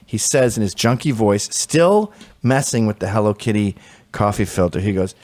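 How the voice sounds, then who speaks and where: A man hosting a podcast, telling a comic story in a sardonic, exasperated, animated way. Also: lowish voice, moderate pace, no echo. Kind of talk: comedic storytelling, casual chat.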